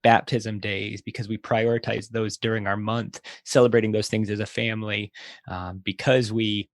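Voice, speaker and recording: A man in his thirties, a father appearing as a podcast guest, tells family stories in a lowish, level voice at a moderate pace. He's thoughtful, using frequent fillers and light laughs, in a casual conversation with clean, echo-free studio sound.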